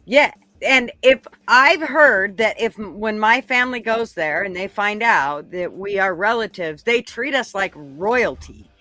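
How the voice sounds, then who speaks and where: A woman's voice: mid-range voice, lively intonation, measured pace, hardly any pauses, pushed and bright, no room sound. A woman in casual chat on a podcast, blunt and heavy with profanity.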